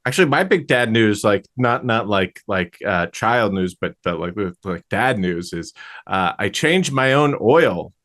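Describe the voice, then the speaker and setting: A young adult man co-hosting a podcast, chatting casually in a halting way with many restarts. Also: on the low side, lively intonation, fairly bright tone. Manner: halting, lots of fillers and restarts. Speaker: podcast co-host. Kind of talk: casual chat.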